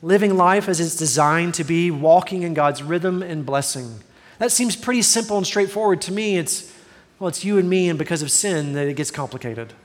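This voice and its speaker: A man's voice: fairly high pitch, lively intonation, normal speed. Earnest male pastor in a reverberant sanctuary. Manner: earnest, conversational, self-deprecating humor. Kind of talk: sermon.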